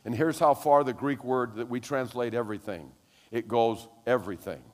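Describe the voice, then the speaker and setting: An older man preaching a sermon as pastor, telling animated stories that rise to loud exclamations. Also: medium pitch, normal speed, big-room sound, slight background noise.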